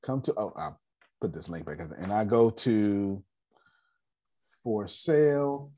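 Husky low-voiced man teaching on a call. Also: moderate pace. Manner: animated, teasing, repeats for emphasis. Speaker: finance class leader. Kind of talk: casual online group lesson. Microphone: video call.

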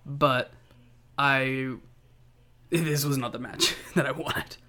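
A man's voice: mid-range voice, fairly even intonation, takes it slowly, pushed and bright. A man with an Australian accent co-hosting a casual wrestling podcast, joking and laughing often. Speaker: podcast co-host. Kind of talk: casual chat.

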